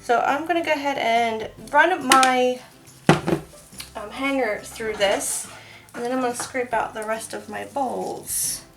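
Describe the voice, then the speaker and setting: A woman's voice: on the high side, a little slow, over music. A woman soap maker chatting casually as she works, laughing now and then through her stories. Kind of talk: casual crafting vlog narration.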